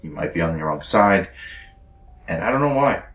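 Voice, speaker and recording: A man voicing a guilt-ridden, tender young rebel fighter in a tabletop role-play, hesitant and soft, trailing toward whispers, in a roomy space. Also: deep voice, lively intonation, moderate pace, faint music behind. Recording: roomy echo.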